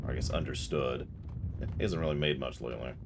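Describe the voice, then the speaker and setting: Deep-voiced joking game streamer. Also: male voice, fast talker. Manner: rambling, joking, repeats words as he restarts. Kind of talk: casual let's-play commentary. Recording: game noise playing under the voice. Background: game sound effects and gunfire.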